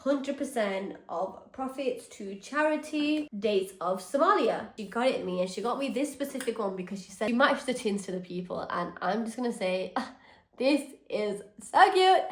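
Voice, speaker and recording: A woman's voice: medium pitch, roomy sound. A young woman vlogging to her phone at home, chatty and sincere, often emotional and grateful. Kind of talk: casual vlog talk to camera. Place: home, indoors.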